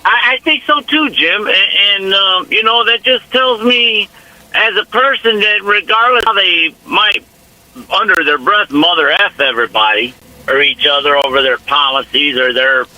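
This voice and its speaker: A man's voice: sits high, moderate pace, pushed and bright, rough recording. A man calling into a radio show, folksy and chummy, with a Northwest Indiana accent. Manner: folksy, chummy, calls people man and brother. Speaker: caller. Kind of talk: casual phone-in chat.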